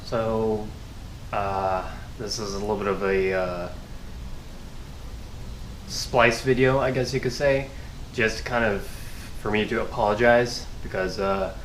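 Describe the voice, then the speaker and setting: A man with a congested, nasal voice, talking to camera in a halting, apologetic way with many fillers. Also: on the low side, fairly even intonation, fairly bright tone, slight background noise. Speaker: car hobby vlogger. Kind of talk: casual to-camera talk. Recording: echoey room.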